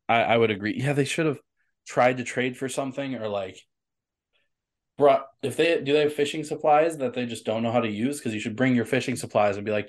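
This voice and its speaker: A man with a fairly low voice co-hosts a casual podcast. He sounds relaxed and opinionated, and he agrees readily with his partner. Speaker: podcast co-host. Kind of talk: casual chat.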